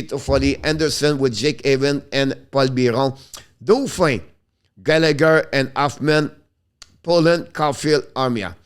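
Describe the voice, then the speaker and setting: A man hosting a hockey pre-game preview, passionate and quick to get worked up, speaking English with phrasing. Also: mid-range voice, smooth. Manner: passionate, gets worked up and frustrated, non-native English phrasing. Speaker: hockey show host.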